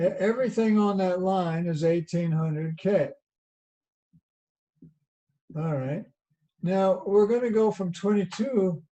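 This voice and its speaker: A man's voice: high voice, warm tone, highs cut off. A man with a Southern US accent teaching a college lecture over a video call, chatty and folksy, asking rhetorical questions as he explains. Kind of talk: online lecture.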